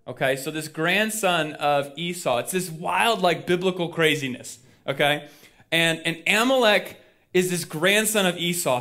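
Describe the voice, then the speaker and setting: A male pastor with a slightly high, somewhat bright voice preaches a sermon like he's telling a story, acting out the people he quotes. He's chatty and uses many fillers.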